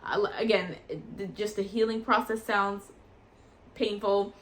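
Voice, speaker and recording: A woman's voice: medium pitch, a little slow. Chatty woman vlogger telling a story. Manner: chatty and animated, acts out quoted voices. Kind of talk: casual storytelling.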